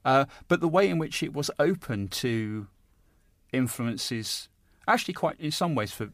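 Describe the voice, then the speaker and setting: A man's voice: mid-range voice, lively intonation, measured pace, a bit bright, no echo, clean studio sound. A man hosting a casual discussion, talking in an enthusiastic, digressive way.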